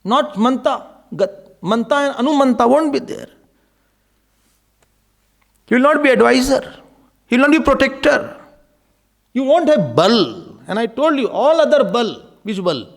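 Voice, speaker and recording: A man's voice: extremely high pitch, sing-song, unhurried, vocal fry, long pauses. A man giving an impassioned devotional discourse as a spiritual teacher, pleading and exhorting his listeners. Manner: impassioned, mixing in Hindi verses and pleading cries.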